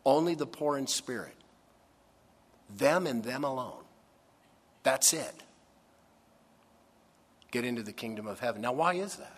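Male preacher, mid-pitched, emphatic sermon delivery with long reverb of a large hall. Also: lively intonation. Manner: earnest, emphatic preaching with dramatic pauses.

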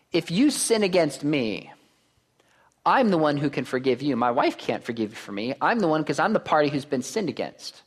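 Guy preaching a sermon, pitch bouncing all over, keeps asking the crowd stuff. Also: breathy edge. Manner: animated, asks the crowd questions. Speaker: pastor.

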